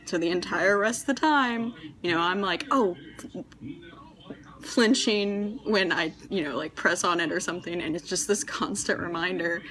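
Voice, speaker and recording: A woman's voice: lowish voice, moderate pace, a crowd in the background. A young woman casually telling a personal story about herself, self-mocking and rambling, laughing often. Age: young adult.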